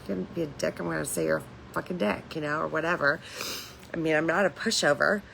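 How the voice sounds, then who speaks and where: A woman's voice: low voice, fast, gravelly, a bit bright, a little hiss or hum, poor audio. A woman hosting a casual livestream from home, talking candidly in a rambling way, swearing freely and laughing between lines. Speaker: livestream host.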